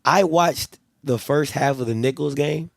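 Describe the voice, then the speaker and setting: A man with a gravelly, creaky voice rambles through casual commentary, sounding exasperated and circling back over the same words. His pitch sits in an ordinary middle range, and the sound is close and dry. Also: a little slow, dry recording. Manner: rambling, exasperated, repeats himself. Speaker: livestream host.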